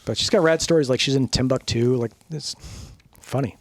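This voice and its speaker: A middle-aged man appears as a podcast guest, telling stories in a casual, animated style, swearing freely and acting out what people said. His voice is mid-range and brisk, and the recording is dry.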